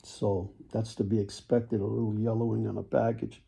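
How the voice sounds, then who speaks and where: Gravelly, dark-voiced man selling toy cars. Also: fairly low pitch, level tone, normal speed. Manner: folksy salesman patter, repeats himself, frequent throat clearing. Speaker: toy car seller. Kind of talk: casual sales video.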